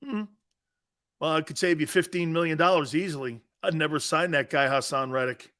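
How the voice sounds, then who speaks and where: A middle-aged man hosting a sports talk show, brash and sarcastic, swearing and breaking into shouted outbursts. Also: a little high, moderate pace. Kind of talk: opinionated sports radio talk.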